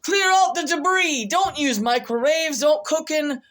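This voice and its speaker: A woman's voice: high-pitched, measured pace, a bit bright. A woman vlogger rambling through casual commentary, repeating herself and muttering asides as she goes.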